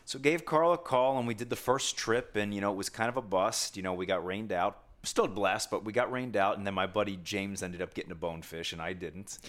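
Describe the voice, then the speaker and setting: A man telling a long fishing story in casual chat, animated and self-mocking, with many asides and restarts. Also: low voice, a little fast, hardly any pauses.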